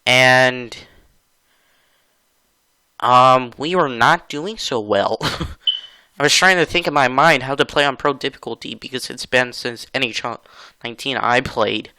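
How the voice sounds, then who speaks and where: A man's voice: mid-range voice, unhurried, pauses often, sharp tone, clean tone, dry recording, rough recording. A man giving casual commentary over his own hockey video game clips, chatty, laughing often and getting exasperated. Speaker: gaming channel host.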